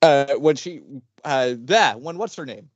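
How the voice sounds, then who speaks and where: A man's voice: medium pitch, lively intonation, measured pace, no echo, highs cut off. A man co-hosting a casual film podcast, chatty and easygoing, who sometimes searches for words and laughs easily. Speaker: podcast co-host.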